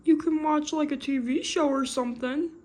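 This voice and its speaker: A woman's voice: sits high, fairly even intonation, moderate pace, darkish tone, close to an everyday voice. A woman voicing Barley, a patient plush toy in a toy skit who sighs and sounds worn out by the others. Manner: weary and patient, sighs a lot.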